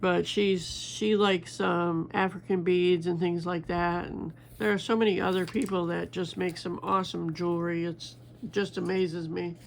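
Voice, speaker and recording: A woman's voice: on the low side, level tone, a little slow, vocal fry, hardly any pauses, slight background noise. An older woman chatting casually while she makes a bracelet, rambling with many fillers and restarts. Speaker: crafting vlogger. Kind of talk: casual chat while beading.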